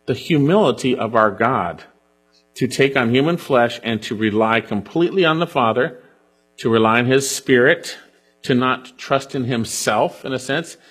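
A pastor preaching an earnest sermon and reading scripture aloud, often dropping to a hush on key points. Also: male voice, medium pitch, moderate pace, husky.

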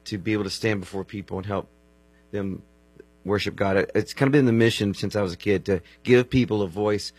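Guy in his 50s, deep husky voice, telling his story earnest and rambly. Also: steady tone, a little fast, a little mellow. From Texas. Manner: earnest, restarts mid-phrase. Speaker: worship musician guest. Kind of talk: casual storytelling.

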